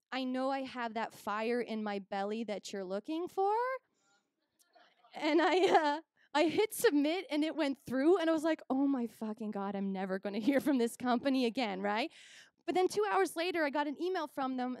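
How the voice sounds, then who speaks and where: Animated young Canadian woman doing stand-up. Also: high-pitched, no echo, clean studio sound. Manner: animated storytelling, acts out both sides of conversations. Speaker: stand-up comedian. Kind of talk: stand-up comedy set.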